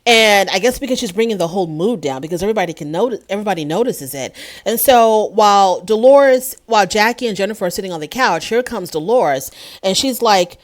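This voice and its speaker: A woman's voice: mid-range voice, animated, fairly quick. Chatty, opinionated woman recapping an episode. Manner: chatty, opinionated, acts out quotes of cast members. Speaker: reality show recap host.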